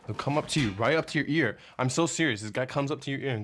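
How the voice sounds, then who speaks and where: A young vlogger's mid-range voice races along very fast, with hardly any pauses, as he rants casually at the camera. He swears, wanders off-topic, loses his train of thought, and parodies his boss in a low, mocking whisper.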